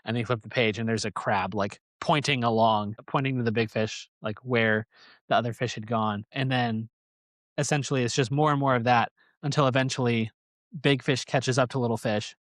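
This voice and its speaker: A man's voice: mid-range voice, steady tone, normal speed, fairly bright tone, dry recording. A man hosting a podcast, telling a story casually in a rambling, joking way. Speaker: podcast host. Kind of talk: casual chat.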